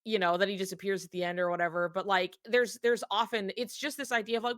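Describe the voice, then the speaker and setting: A woman co-hosting a casual fan discussion podcast, talking in a rambling, animated way with lots of filler words. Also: medium pitch, quick pace, few pauses, no room sound, clean studio sound.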